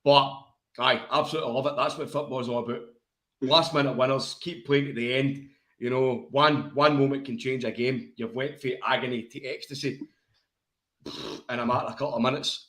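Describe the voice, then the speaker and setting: A Scottish man bantering about football on a podcast, laughing often and swearing freely. His mid-pitched voice carries an echo from the room. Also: fairly even intonation, fairly quick, fairly bright tone. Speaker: podcast co-host. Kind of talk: casual football chat. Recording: echoey room.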